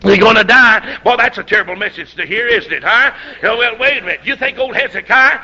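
A man preaching a revival sermon, telling Bible stories and breaking into shouted, drawn-out climaxes. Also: extremely high pitch. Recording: dull lo-fi sermon recording.

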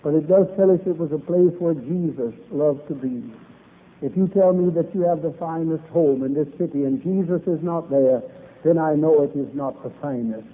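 A man preaching a revival sermon, opening with a prayer, in an old-fashioned preaching cadence with biblical phrasing. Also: fairly high pitch. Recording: tinny phone-like old recording.

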